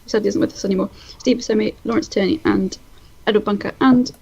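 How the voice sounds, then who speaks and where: A woman's voice: mid-range voice, fairly even intonation, fast talker, vocal fry, darkish tone, muffled recording, slight background noise. British woman cohosting a film podcast, laughs a lot, swears casually. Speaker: podcast co-host.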